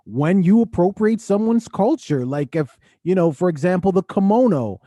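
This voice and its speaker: A man co-hosting a casual podcast, explaining his points in a measured way. His voice is slightly high and mellow, and the sound is dry. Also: animated, dry recording. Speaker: podcast co-host. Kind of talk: casual commentary.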